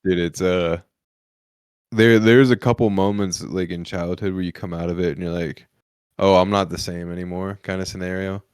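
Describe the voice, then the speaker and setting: A man with a fairly low voice rambles through crude, profanity-laced stories on a comedy podcast, often breaking into laughter. The sound is dry and close, with no room around it. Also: steady tone, normal speed, darkish tone, smooth, no echo. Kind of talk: crude casual chat.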